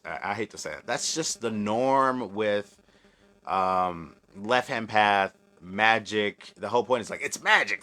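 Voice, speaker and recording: A man's voice: on the low side, sharp tone. Joking man with a slight country twang. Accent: slight American country. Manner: loose and joking, swears, laughs often. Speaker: livestream host answering chat. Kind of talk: casual live chat.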